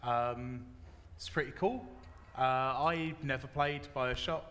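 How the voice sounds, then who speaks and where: A man's voice: mid-range voice, slow, sharp tone. Man, rambling, self-deprecating, live podcast stage, reverberant hall. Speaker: podcast panelist and script writer. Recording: echoey hall at a live event.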